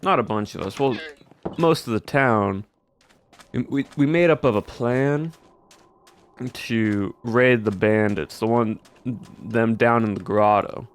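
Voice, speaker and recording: A man's voice: on the low side, clear, resonant tone. Laid-back man with a put-on Southern drawl. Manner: laid-back folksy drawl, rambling asides. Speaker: streamer playing a cowboy. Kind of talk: casual in-character roleplay chat.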